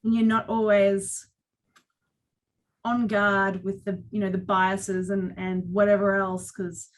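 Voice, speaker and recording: A woman, speaking on a conference panel and telling stories with lively acted quotes. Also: mid-range voice, takes it slowly. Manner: animated storytelling with acted quotes. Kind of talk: panel discussion.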